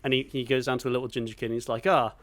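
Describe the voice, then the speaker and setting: A man's voice: medium pitch, level tone, very fast, a bit bright. A man co-hosting a podcast in casual chat, enthusiastic and sweary, acting out film moments with sound effects. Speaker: podcast co-host.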